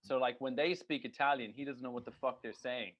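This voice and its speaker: A man co-hosting a casual podcast, rambling along with jokes and a steady stream of swearing. His voice sits at an ordinary middle pitch. The recording sounds dull and lo-fi. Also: a little fast, a little hiss or hum. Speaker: podcast co-host. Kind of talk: casual chat.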